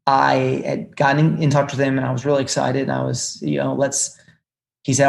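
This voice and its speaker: A young man, a music business executive, talking casually as a podcast guest and telling animated stories with lots of fillers and restarts. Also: mid-range voice, fast, gravelly.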